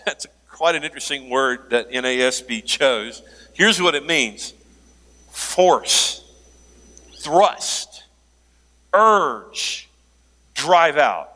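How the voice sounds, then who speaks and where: A man preaching a sermon as pastor, animated, joking aside and laughing now and then. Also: mid-range voice, extremely slow, pauses often. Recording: long hall reverb.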